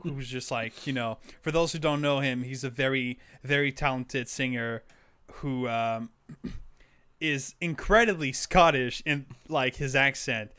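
A young man chats on a podcast in a hesitant, meandering way. His voice is smooth and clear at an everyday middle pitch, and he often restarts a sentence, filling the gaps with "uh" and "like". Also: unhurried, pushed and bright. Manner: hesitant, many restarts and fillers, laughs easily. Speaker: podcast co-host. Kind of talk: casual chat.

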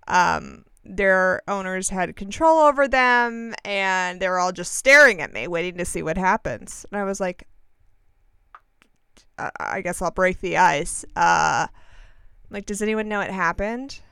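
A woman in her forties telling a casual story with animated delivery, acting out the people in it. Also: medium pitch, a little slow, vocal fry, clean tone, dry recording. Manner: animated storytelling with acted quotes. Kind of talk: casual anecdote.

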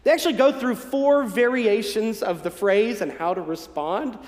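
High-voiced man preaching in an echoing hall. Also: moderate pace. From northern United States. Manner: conversational, folksy, gently humorous. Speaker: pastor. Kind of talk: sermon. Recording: echoey hall with long reverb.

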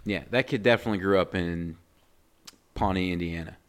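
Male podcast co-host with a very deep voice, measured explainer, deadpan quips. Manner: dry, deadpan joking. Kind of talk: casual movie discussion.

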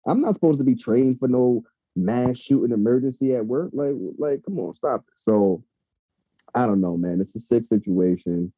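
A man's voice: mid-range voice, normal speed, mellow, breathy edge, no room sound. A man talking casually and heatedly, swearing freely, as a podcast co-host. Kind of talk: casual chat. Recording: dull lo-fi sound.

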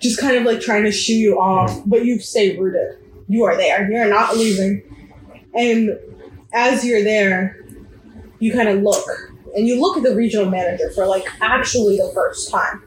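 A woman's voice: mid-range voice, slight background noise. Woman narrating a tabletop game, roomy echo. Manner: lively second-person narration with quick voiced asides. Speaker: game master. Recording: roomy echoey room.

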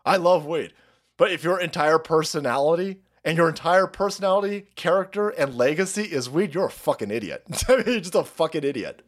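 A man's voice: on the high side, expressive, a little fast. A man hosting a stream, ranting profanely and mockingly as he reacts to clips. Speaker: stream host.

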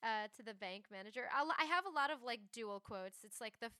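Playful young woman, crisp dry voice. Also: on the high side, animated, a little fast, sharp tone, dry recording. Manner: playful, laughing, quotes lines with exaggerated voices. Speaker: podcast co-host. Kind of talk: casual chat.

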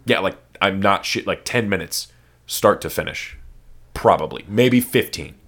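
A man's voice: deep voice, lively intonation, a little slow, fairly bright tone. A man hosting a podcast, talking casually in a loose, rambling way with lots of swearing. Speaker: podcast host. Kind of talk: casual chat.

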